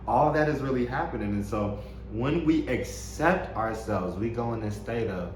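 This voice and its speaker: A man's voice: lowish voice, normal speed, a little mellow. A man hosting a spiritual self-help talk, speaking with enthusiasm, repeating words and laughing often. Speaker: host. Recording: roomy echo with faint background noise.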